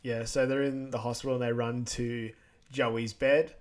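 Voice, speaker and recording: Relaxed man recapping a film on a podcast. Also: mid-range voice. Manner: relaxed, full of fillers, quick agreeing "yeah"s. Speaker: podcast co-host. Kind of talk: casual movie recap chat.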